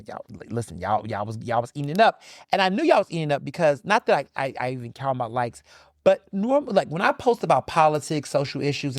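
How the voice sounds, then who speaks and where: Sassy, animated man on a dry mic. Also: dry recording. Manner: animated, sassy, swoops into high pitch for emphasis. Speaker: podcast host. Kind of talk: casual solo chat.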